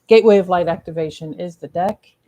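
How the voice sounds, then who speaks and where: A woman talks through a weekly card reading in a loose, chatty way. She gushes, drops casual swears and keeps things informal. Her voice sits fairly low and sounds mellow and relaxed. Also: a little fast, muffled recording. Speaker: psychic medium.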